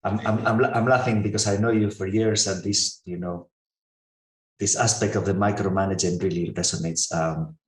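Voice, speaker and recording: A man telling stories in conversation, halting, with frequent restarts. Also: low-pitched, fairly even intonation, echoey room. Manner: halting, many restarts and fillers, storytelling. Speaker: researcher and interviewer. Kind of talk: conversational storytelling.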